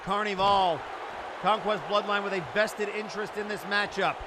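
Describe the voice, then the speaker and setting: A man calling a wrestling match play by play, often breaking into excited shouts. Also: high-pitched, moderate pace. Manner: excitable, shouting during big moments. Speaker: wrestling commentator. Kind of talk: play-by-play commentary. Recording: crowd and loud background noise.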